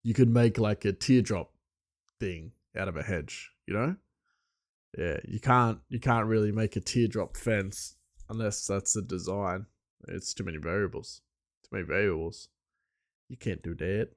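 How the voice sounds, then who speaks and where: A man's voice: on the low side, a little slow. A man hosting a solo podcast in loose, rambling casual chat with frequent chuckles. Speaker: podcast host.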